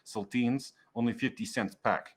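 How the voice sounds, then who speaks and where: A man voicing a male café owner who speaks loud, clipped broken English. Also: medium pitch, steady tone, normal speed, breathy edge, pitched above the performer's own voice, close to an everyday voice. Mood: pushy.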